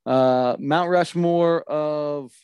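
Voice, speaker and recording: A man, co-hosting a casual chat, animated and self-mocking, laughing often. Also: a little high, very slow, clear, resonant tone, dry recording, highs cut off. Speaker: podcast co-host.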